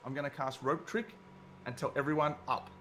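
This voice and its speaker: A man's voice: mid-range voice, steady tone, fairly quick, a bit bright, slight background noise. A man playing in a tabletop game, eager and stammering as he explains his moves. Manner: eager, stammering restarts, laughing. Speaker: player. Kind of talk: casual tabletop play.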